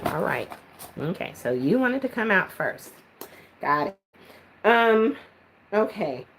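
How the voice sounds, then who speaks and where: A woman's voice: medium pitch, sing-song, takes it slowly, fairly bright tone, a little hiss or hum. Chatty woman doing psychic readings. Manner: chatty, with filler words and laughs. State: out of breath. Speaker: psychic reader. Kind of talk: live-stream reading.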